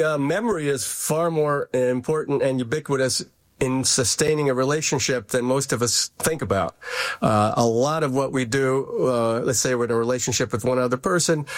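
An older man speaking as a radio guest, his voice at a middle pitch on a dry, close mic. He explains things carefully and slowly, with many filler sounds. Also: no echo. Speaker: psychology professor guest. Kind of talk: radio interview.

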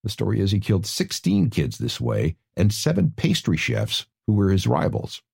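A man's voice: fairly low pitch, wildly swooping pitch, moderate pace, gravelly, darkish tone, slightly rough. A man hosting a radio talk segment, telling stories with wry asides. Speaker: radio host.

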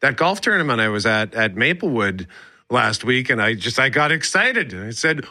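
A man co-hosting a morning radio show, energetic, rambling and restarting when chatting. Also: mid-range voice, normal speed. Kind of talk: radio ads and banter. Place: radio studio. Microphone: studio microphone.

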